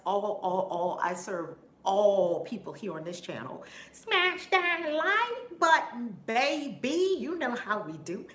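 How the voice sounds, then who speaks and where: A woman reverend hosting a live stream, warmly greeting chat viewers one by one in an effusive, upbeat way. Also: medium pitch. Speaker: reverend and spiritual teacher. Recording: roomy echo, faint background noise.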